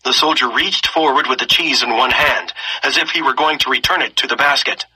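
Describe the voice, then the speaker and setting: A man reading a story aloud expressively, pausing to pose lesson questions and slipping into voices for the characters. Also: medium pitch, bright, forceful tone, slightly rough, rough recording. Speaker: story reader.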